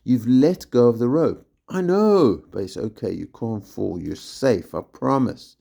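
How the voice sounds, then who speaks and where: A man's voice: medium pitch, animated, unhurried, creaky, mellow, voice pushed up. A man reading a storybook aloud, voicing a patient climbing instructor who coaxes and reassures a scared boy. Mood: reassuring. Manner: coaxing, reassuring.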